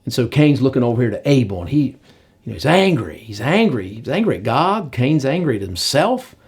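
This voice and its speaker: A man preaching a sermon in animated storytelling, acting out the characters as he goes. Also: medium pitch, brisk, slightly rough.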